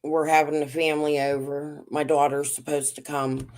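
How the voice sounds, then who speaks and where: A woman's voice: low-pitched, little pitch movement, moderate pace, a little mellow. A woman streamer giving blunt, angry commentary and swearing freely. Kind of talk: livestream commentary.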